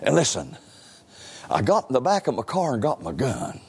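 A man's voice: mid-range voice, wildly swooping pitch, normal speed, creaky, husky. An older man preaching a sermon in a church, telling his testimony with emphatic repetitions and stammered restarts. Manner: emphatic, repeats "listen" and stammers into phrases. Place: church sanctuary. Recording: long hall reverb.

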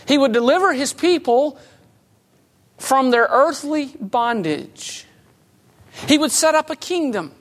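A woman preaching a sermon in a conversational way, with light humor and emphatic swings between loud and soft. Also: high-pitched, expressive, slow, long pauses.

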